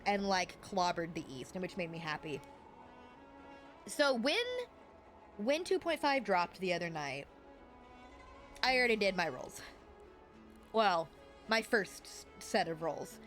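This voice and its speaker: A woman's voice: mid-range voice, expressive, unhurried, pauses often, a bit bright, soft background music. A woman streamer in casual chat with her live viewers, bubbly and rambling off on tangents.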